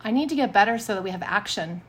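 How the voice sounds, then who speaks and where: A woman in her thirties co-hosting a casual podcast chat, telling lively stories and acting out what people said. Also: medium pitch, fast talker, slight background noise. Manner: animated storyteller, acts out quotes. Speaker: podcast co-host.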